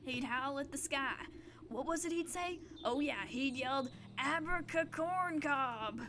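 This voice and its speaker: A woman voicing a huge, crude male bandit with rough folksy speech who breaks into wailing sobs, read aloud during a game stream. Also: sits high, measured pace, background noise. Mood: eager.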